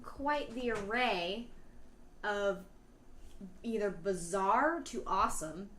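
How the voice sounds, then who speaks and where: A woman's voice: medium pitch, lively intonation, slow pace, reverberant, crowd noise. A woman co-hosting a casual chat, talking earnestly and rambling with fillers. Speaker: podcast co-host.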